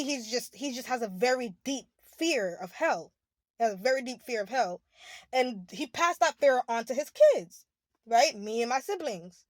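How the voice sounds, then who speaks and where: A woman's voice: a little high, no echo. A young adult woman in a candid, emotional confessional monologue, rambling with many restarts and "like" fillers. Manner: rambling, heavy use of "like", restarts. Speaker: spiritual vlogger.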